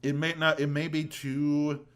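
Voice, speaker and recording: A man's voice: on the high side, flat delivery, a little slow, a bit bright. A man co-hosting a podcast in casual chat, rambling along with lots of restarts and fillers. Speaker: podcast co-host.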